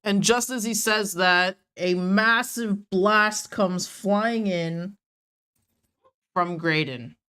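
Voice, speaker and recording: A woman's voice: mid-range voice, very slow, sharp tone, smooth. A woman narrating a tabletop game as game master, in a casual, rambling way with fillers and laughs.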